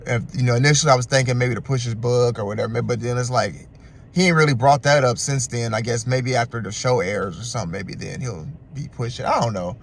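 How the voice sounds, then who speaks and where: A man giving a casual, animated and slangy recap of a reality show. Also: medium pitch, fast, gravelly, slight background noise. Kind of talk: casual commentary.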